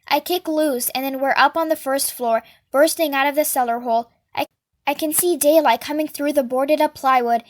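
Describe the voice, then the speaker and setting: A woman reading a children's novel aloud in a steady, unhurried way. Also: high-pitched. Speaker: storyteller.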